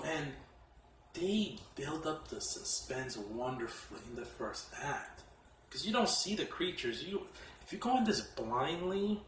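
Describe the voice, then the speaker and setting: A man casually reviewing horror films from his collection, excitable and profane, often laughing as he talks. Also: medium pitch, a little hiss or hum. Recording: echoey room, mic at a distance.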